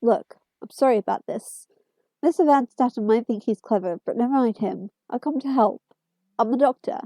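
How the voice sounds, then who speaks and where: An excitable, mocking male alien time traveller, as a woman reading aloud plays him. The voice sits a little high, mellow and close, lifting on his jibes. A storybook hero with a sharp tongue. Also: normal speed, dry recording. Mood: gentle.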